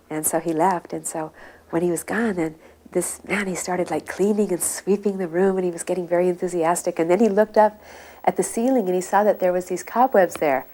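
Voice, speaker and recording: A woman with a lowish voice tells old anecdotes in an easy, meandering way. She speaks as a devotee sharing memories, unhurried and conversational. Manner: relaxed, meandering storytelling. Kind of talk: recounted anecdotes.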